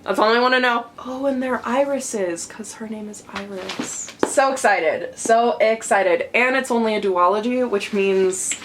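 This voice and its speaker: A woman's voice: unhurried, few pauses, background noise. A young woman book vlogger chatting casually at home, swearing freely and gushing about her reading. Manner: chatty, swears casually, talks to her dog in a high baby voice. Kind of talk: casual reading vlog chat.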